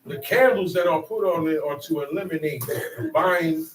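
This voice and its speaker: A man preaches in an emphatic, colloquial call-and-response style, pitching questions for his listeners to answer. His voice sits a little high and lands from a distance, ringing in an echoey space over faint ambient noise. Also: lively intonation, moderate pace. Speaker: street preacher.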